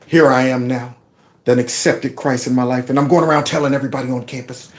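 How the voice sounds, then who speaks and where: A man in his fifties from Youngstown, Ohio, hosting a casual commentary and telling animated, preachy stories in which he acts out the voices. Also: mid-range voice, fast talker. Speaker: host.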